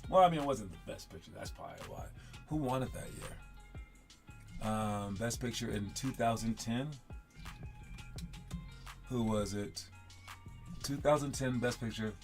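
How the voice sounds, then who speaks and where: A man's voice: mid-range voice, measured pace, gravelly, pauses often, soft background music. A man hosting a casual solo talk show, rambling and stuttering, often repeating words as he thinks aloud. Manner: rambling, wanders off mid-thought. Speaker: podcast host.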